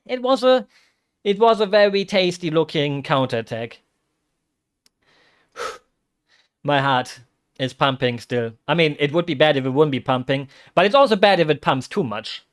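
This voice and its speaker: A man streams as a vtuber, reacting live to a football match in a slightly high voice at a moderate pace. His commentary rambles excitedly and breaks into loud exclamations.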